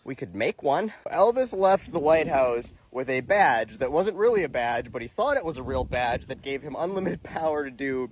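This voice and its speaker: A man's voice: medium pitch, expressive, normal speed, hardly any pauses, slight background noise. A man telling a comedic story with irreverent, profane jokes and asides.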